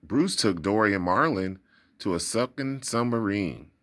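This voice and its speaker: A man reading a children's storybook aloud in a deep, low voice. His delivery is expressive and dramatic, with lively rises and falls in pitch. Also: a little slow. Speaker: storybook reader. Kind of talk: read-aloud storybook narration.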